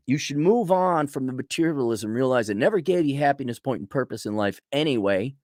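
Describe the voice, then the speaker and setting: A man's voice: medium pitch, expressive, brisk, darkish tone, no room sound, studio quality. A man hosting a casual ranting monologue, blunt and sarcastic. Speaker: host.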